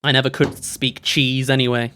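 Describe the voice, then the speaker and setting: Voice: medium pitch, level tone, moderate pace, a bit bright, slight background noise. A streamer, rambling and chatty while reacting to movie trailers live, reading chat aloud and laughing often.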